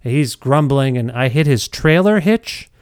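A middle-aged man tells a self-deprecating story in a casual, animated way, often stumbling and restarting. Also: mid-range voice, moderate pace, clean tone, dry recording, clean studio sound. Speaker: podcast storyteller.

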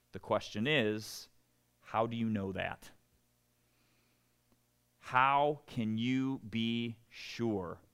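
With a clear, resonant tone, a male pastor delivers a conversational sermon. He repeatedly asks his audience "right?" and voices quoted characters with large shifts in pitch and volume.

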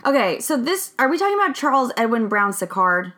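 A woman's voice: on the high side, sing-song, a little fast, bright, forceful tone. A woman co-hosting a casual podcast chat, playful and mock-indignant. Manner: playful, mock-indignant, puts on a British accent for quotes. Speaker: podcast co-host.

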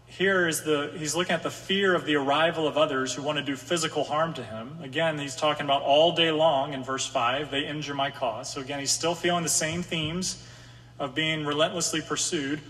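A male pastor gives a sermon in a relaxed, conversational way, with a slightly higher than usual voice. Now and then he steps into the psalmist's pleas. His voice carries a long reverb, as if it were filling a large hall. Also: fairly quick. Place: room with an audience.

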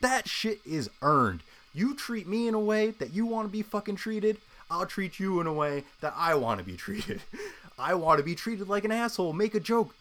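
Young man, casual podcast chatter, lively swooping pitch, swears constantly. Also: normal speed. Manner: profane ranting, mimics people in a high voice; laughs often. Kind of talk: casual chat.

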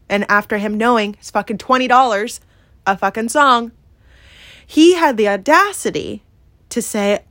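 A woman's voice: a little high, moderate pace, a bit bright, dry recording. A woman hosting a podcast, telling a personal story in a candid, emphatic way full of swearing and "like". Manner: emphatic and profane, heavy use of "like" and "yeah?". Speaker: podcast host.

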